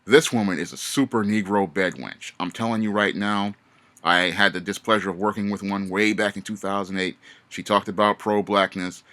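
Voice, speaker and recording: A man's voice: fairly low pitch, fairly even intonation, normal speed, pushed and bright. A man in a casual vlog monologue, giving emphatic, repetitive warnings with frequent restarts. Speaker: vlogger.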